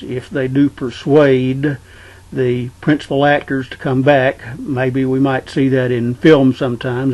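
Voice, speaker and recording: A man casually discussing a book, talking in an unhurried way and reading passages aloud. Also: medium pitch, darkish tone, rough recording. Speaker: book reviewer.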